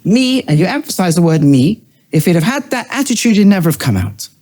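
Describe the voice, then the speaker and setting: A middle-aged man, a rabbi, giving a teaching lecture, swinging between high emphatic bursts and low quiet asides, and weaving in Hebrew terms he then translates. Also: very animated, brisk. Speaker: rabbi and educator.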